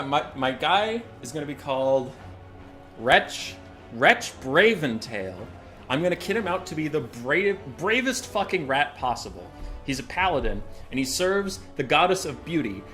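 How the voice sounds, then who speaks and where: A man casting a game tournament on a live stream, chatty and excitable, swearing casually and chuckling often. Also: fairly high pitch.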